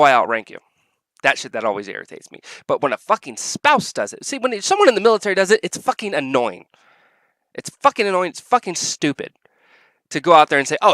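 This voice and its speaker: A man's voice: on the high side, fairly bright tone, no echo. A man vlogger delivering an angry, heavily profane reaction rant.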